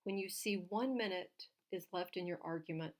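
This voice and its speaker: A legal writing instructor gives clear, direct, numbered tips on oral argument. She has a fairly low-pitched voice and speaks at a moderate pace.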